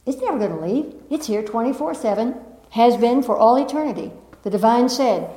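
Woman spiritual teacher addressing a live group; higher voice, emphatic and playful, roomy echo. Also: lively intonation, brisk, warm tone. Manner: emphatic, repeats phrases, playful asides. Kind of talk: spiritual talk to a live audience. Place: room with a live audience. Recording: roomy echo of a meeting room.

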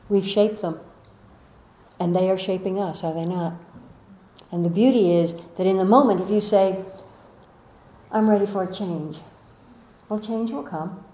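In an echoey room and on poor-quality audio, a medium-pitched woman delivers a soft, encouraging inspirational talk as a spiritual teacher, often asking her audience rhetorical questions.

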